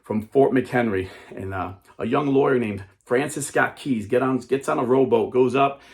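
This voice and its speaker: A man telling a story to a crowd in an emphatic, dramatic way. His voice sits at an ordinary middle pitch. He jumps into the characters' lines as he tells it. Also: normal speed, gravelly, darkish tone. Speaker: speaker.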